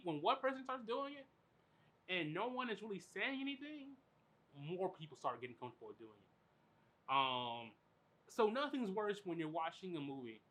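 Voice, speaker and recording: Man, podcast host, bright voice, fairly high, animated, swears a lot. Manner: animated, profane, filler-heavy. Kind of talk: casual storytelling chat.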